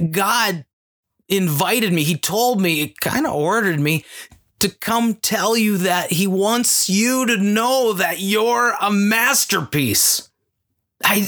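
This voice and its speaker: A man preaching through a personal story in a slow, halting way, often restarting his sentences. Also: high voice, sharp tone. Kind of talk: storytelling sermon.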